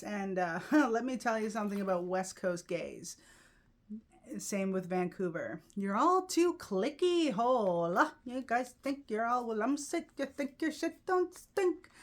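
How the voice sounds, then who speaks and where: A woman comedian and event host chatting casually in a vlog, animated, with lots of fillers and laughter. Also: mid-range voice. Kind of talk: casual vlog chat about mementos.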